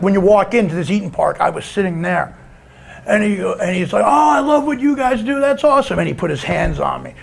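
A man with a heavily gravelly, rough-edged voice spins a rambling story, his pitch sitting high and swinging wildly from phrase to phrase. He tells it in a casual, profane way and often breaks into shouts. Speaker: guest storyteller.

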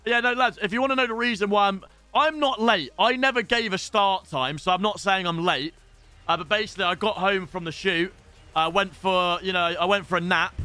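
A young man streaming live and chatting casually while opening packs in a football game, excitable and sweary. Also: high voice, fairly quick, dry recording, faint music behind. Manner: excitable, shouts at pack pulls, swears.

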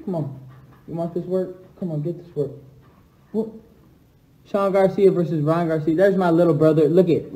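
A young man talks on a livestream in an echoey, empty house. His voice sits fairly high but sounds dark and mellow. He moves from low, subdued chat to loud, hyped trash talk. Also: steady tone, normal speed, long pauses. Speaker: livestream host answering fans. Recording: echoey room.

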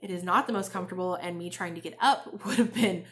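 This woman talks fast in a lowish, slightly bright voice. She hosts a crafting podcast on crochet and knitting from home, a bookshelf behind her, recounting a story casually and chattily.

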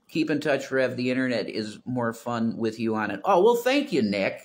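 A man chats on a casual livestream from home, talking into his phone. He reads out viewer comments and answers them in a loose, rambling way. He swears bluntly when he is annoyed, and his pitch and loudness stay in an ordinary middle range. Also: very animated, normal speed. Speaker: livestream host reading chat.

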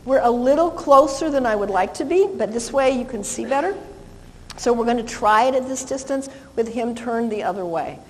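A woman's voice: fairly high pitch, lively intonation, moderate pace, a little hiss or hum. Cheerful woman dog trainer in a hall. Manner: cheerful, talks to the dog in a sweet voice. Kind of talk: live training seminar demonstration.

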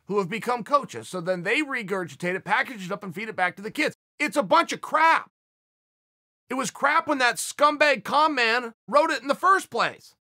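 Forceful, bright-voiced man, blunt. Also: very high-pitched, no echo, studio quality. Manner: blunt, emphatic, swears for emphasis. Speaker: motivational speaker. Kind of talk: motivational speech.

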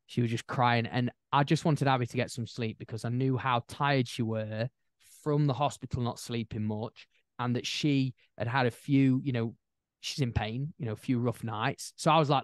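Brief: young man, podcast guest, animated rambling storyteller, dry close mic. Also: mid-range voice, fairly quick, dry recording. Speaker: podcast guest, new dad. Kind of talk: casual chat.

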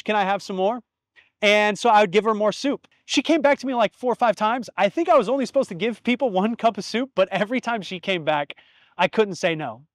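A man's voice: high-pitched, no echo, studio quality. A man in his thirties hosting his own podcast, telling stories and reflecting in an earnest, heartfelt way, with casual swearing. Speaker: podcast host. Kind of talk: reflective solo podcast monologue.

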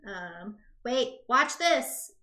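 Young female host, bubbly and chatty, bright tone, casual stream banter. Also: fairly high pitch, very animated, drawn-out words, echoey room. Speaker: talk show host. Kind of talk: casual live-stream chat.

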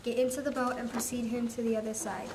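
A woman narrates a scripture passage for a church skit. She reads aloud and sometimes stumbles and restarts. Her fairly high voice comes from a distance in an echoey hall with clear background noise. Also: little pitch movement, fast talker.

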